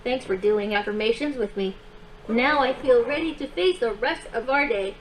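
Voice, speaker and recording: A woman's voice: fairly high pitch, normal speed, crowd noise, close to an everyday voice, low-quality recording. A woman voicing a cheery kids' robot. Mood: soothing. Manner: upbeat, encouraging, playful. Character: cheerful small companion robot for kids. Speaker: children's robot companion. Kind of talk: game and guided affirmations for a child.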